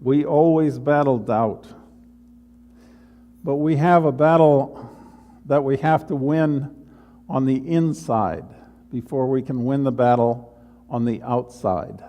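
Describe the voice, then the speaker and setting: A male pastor delivering an earnest, unhurried sermon in a church. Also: medium pitch, warm tone. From United States. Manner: slow, earnest preaching with pauses. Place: church sanctuary.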